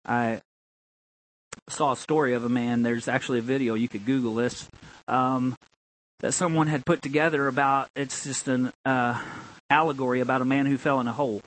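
A man, a pastor, preaching a sermon, swinging between emphatic, drawn-out lines and low, conversational asides. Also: steady tone, rough recording.

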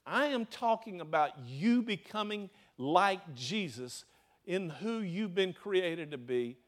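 A man's voice: sits high, expressive, takes it slowly. A man with a Southern US accent preaching a sermon, throwing rhetorical questions to his congregation. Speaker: pastor.

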